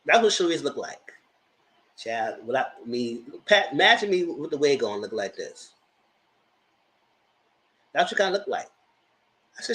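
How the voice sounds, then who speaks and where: Sassy animated man reviewing reality TV. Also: fairly high pitch, unhurried, long pauses. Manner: animated, sassy, slangy, acts out the cast's lines. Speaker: TV reality show commentator. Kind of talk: live TV review chat.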